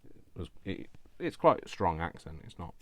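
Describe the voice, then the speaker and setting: A man's voice: low-pitched, very animated, moderate pace, dry recording. A man chatting casually while he crafts at home, rambling with self-deprecating asides. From not from Yorkshire, lives there now. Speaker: crafting vlogger.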